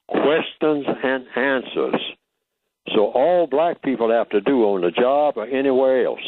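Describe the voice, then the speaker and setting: A man's voice: mid-range voice, no echo. An older man speaking as a guest on a radio talk show, teaching emphatically and asking rhetorical questions. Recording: tinny phone line, dry.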